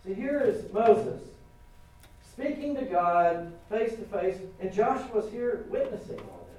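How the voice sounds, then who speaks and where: A middle-aged man preaching a sermon in a conversational, animated way, acting out quotes with humor. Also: high-pitched, slow pace, far from the mic. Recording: roomy echo from off-mic, faint ambience.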